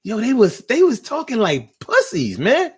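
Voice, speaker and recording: A man's voice: very high voice, wildly swooping pitch, normal speed, breathy edge. A man hosting a casual livestream, reading chat aloud and joking in a slangy, profane way.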